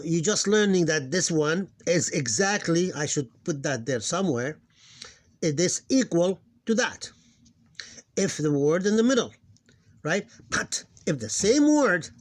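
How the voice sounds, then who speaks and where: A man teaching a casual recorded lesson, often hesitating, repeating words and slowing down to sound out syllables. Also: sits high. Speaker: Arabic teacher.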